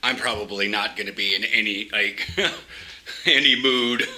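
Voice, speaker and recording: In an unhurried walking vlog through a city and park, a man talks into a handheld camera, cracking jokes and swearing freely in a loud, booming voice. The audio is poor and dry. Street noise, traffic and trams pass by around him.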